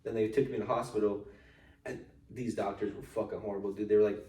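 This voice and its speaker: A young man hosting a casual podcast chat, telling lively stories that are full of swearing and acted-out voices of other people. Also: fairly low pitch, quick pace, distant mic. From United States. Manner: animated storytelling, swears freely, acts out quoted people. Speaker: podcast host. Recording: echoey room, voice off-mic.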